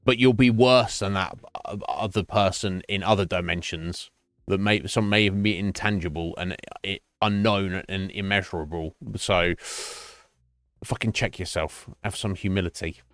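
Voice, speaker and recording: Sweary British man, low voice. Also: moderate pace, fairly bright tone, no room sound. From Britain. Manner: sweary, blunt, rambling with repeated restarts. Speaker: streamer. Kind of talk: casual chat to stream chat.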